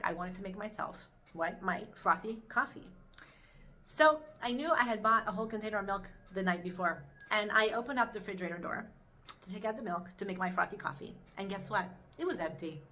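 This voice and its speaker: A woman giving an inspirational Torah talk, telling a personal story in an animated, expressive way. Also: medium pitch. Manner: animated storytelling, rising to excited peaks. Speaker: Torah teacher.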